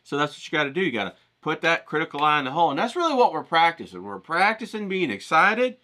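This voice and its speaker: Bright, lively man hyping an art challenge. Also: a little high, fast. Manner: hyped, rambling, coaching, swears casually. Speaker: art channel host. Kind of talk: casual drawing tutorial to camera.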